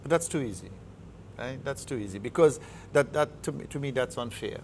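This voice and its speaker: Trinidadian man, football coach, gravelly voice, emphatic and repetitive in a studio interview. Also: mid-range voice, animated, fairly quick, a little hiss or hum. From Trinidad and Tobago. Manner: emphatic, repeats words heavily while building a point.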